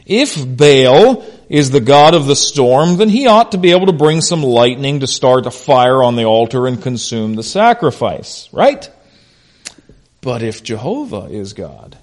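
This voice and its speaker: A man, a pastor, preaching a conversational expository sermon that swings between loud emphasis and quiet asides. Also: mid-range voice. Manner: conversational, unscripted, frequent "uh" and "you know".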